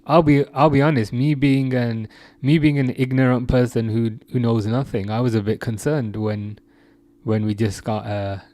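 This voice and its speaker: A man's voice: medium pitch, steady tone, normal speed, darkish tone, no room sound. A young man from England hosting a casual live chat, reading out viewer comments, laughing often and restarting his sentences. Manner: chatty, laughs often, many restarts and fillers. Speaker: live stream host.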